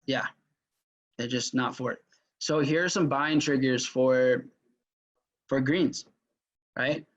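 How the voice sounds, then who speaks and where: A man's voice: medium pitch, slow. A man leading a casual sales workshop lecture, chatty and full of fillers and restarts. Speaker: mentor teaching a sales workshop. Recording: dull lo-fi audio.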